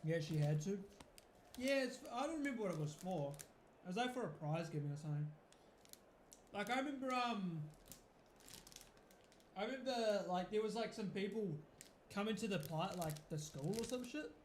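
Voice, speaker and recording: A man's voice: high voice, expressive, normal speed, pauses often, echoey room, slight background noise. A man with a New Zealand accent, chatting casually through a live football watch-along, rambling and swearing freely. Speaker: football fan streamer.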